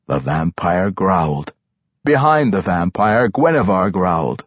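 Male fantasy narrator, husky and animated, dry, slightly dull recording. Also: low voice, unhurried, dry recording. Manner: expressive, animated delivery. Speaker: audiobook narrator. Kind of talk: dramatic fantasy audiobook narration.

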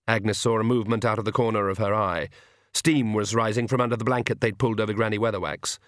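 A man narrating a novel in a measured, even storytelling manner. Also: lowish voice, no echo, clean studio sound. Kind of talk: scripted audiobook narration.

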